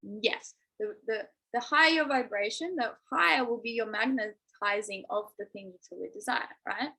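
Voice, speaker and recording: A young woman leads a live online masterclass as a manifestation coach. She sounds enthusiastic and encouraging, with a bright, forward tone and a slightly husky, breathy edge. Her voice sits a little high. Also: moderate pace, low-quality recording. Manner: enthusiastic, encouraging, spiritual wording.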